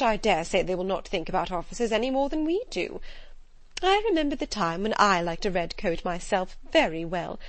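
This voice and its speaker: A woman voicing an excitable, fussy middle-aged mother, shrill and insistent, in an audiobook. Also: no echo, lightly acted.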